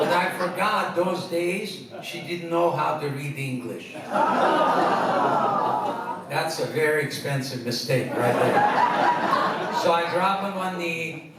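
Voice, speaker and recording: A man telling funny personal stories to a live audience, stumbling over restarts and laughing at his own punchlines. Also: on the high side. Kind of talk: humorous personal storytelling. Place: stage before a live audience. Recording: echoey hall, distant mic, loud noise.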